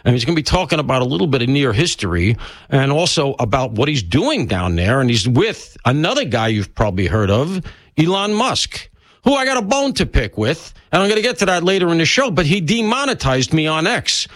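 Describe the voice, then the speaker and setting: A man's voice: on the high side, big pitch swings, a little fast, dry recording. An older man filling in as a talk-radio host, chatting in a rambling, self-mocking way and sounding stuffy from allergies. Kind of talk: casual talk radio monologue.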